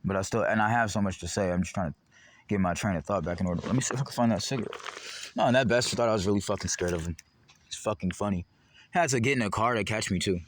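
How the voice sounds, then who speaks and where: A vlogger speaks fast to the camera in a lowish voice, delivering a heated, profane monologue. He rambles and jumps from topic to topic.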